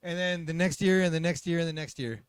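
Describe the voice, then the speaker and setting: A man co-hosting a comedy podcast, joking around and letting his sentences trail off. His voice sits high for a man. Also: fast talker, clean tone. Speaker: podcast co-host. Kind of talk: casual podcast chat.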